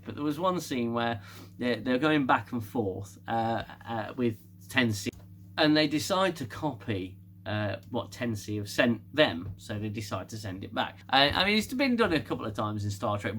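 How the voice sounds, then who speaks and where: A man's voice: mid-range voice, fairly bright tone, a little hiss or hum. A man casually recapping a TV episode, rambling with restarts and laughing often. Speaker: TV show reviewer.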